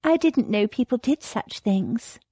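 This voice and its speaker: A woman's voice: fairly high pitch, lively intonation, measured pace, warm tone, husky, dry recording, pitched above the performer's own voice. A woman reading an audiobook voices a spirited young noblewoman with an eager, pressing manner.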